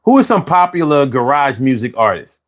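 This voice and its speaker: A man's voice: mid-range voice, very animated, normal speed. Tired, loose-talking male stream host. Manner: loose, repetitive, slangy, restarts words. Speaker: livestream show host. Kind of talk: casual livestream chat.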